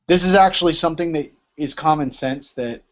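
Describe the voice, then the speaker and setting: Speaking a little fast in a fairly high voice, a male teacher runs a Greek class in a relaxed lecture style. He keeps asking "right?" while explaining, and the audio is dull and lo-fi.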